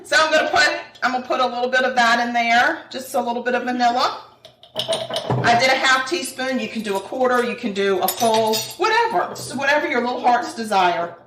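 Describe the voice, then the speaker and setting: A woman's voice: fairly high pitch, a little fast, music in the background. A woman hosting a cooking show, chatting casually and laughing often as she cooks in a kitchen. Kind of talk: casual chat while cooking. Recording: echoey room, mic at a distance, faint noise.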